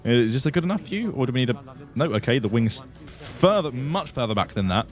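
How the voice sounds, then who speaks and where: A man's voice: medium pitch, very animated, brisk. A man hosting a flight simulator livestream, chatting casually, answering viewers and laughing often.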